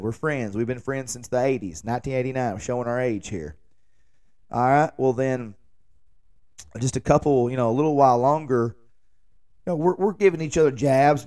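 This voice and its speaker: A man, hosting a podcast and telling a long joking story in a rambling late-night monologue. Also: medium pitch. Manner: rambling, joking, animated when quoting himself. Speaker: podcast host.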